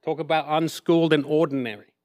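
A man's voice: a little high, steady tone, fast, darkish tone. An English man in his fifties, a missionary telling his story as a sermon testimony, self-deprecating and rambling into asides. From England. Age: 50s. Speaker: missionary speaker.

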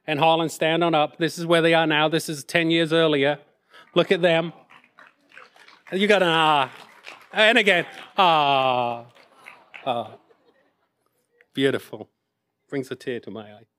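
A man's voice, somewhat high and a little bright, belongs to an English missionary in his fifties. He recounts his story as a sermon testimony, self-mocking and prone to rambling asides.

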